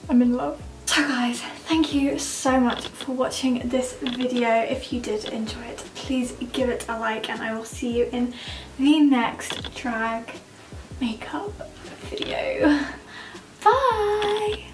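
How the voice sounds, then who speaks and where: A young woman chatting excitably and giggling through a casual makeup vlog at home. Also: high voice, slow pace. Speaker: makeup vlogger. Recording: roomy, distant mic with background music.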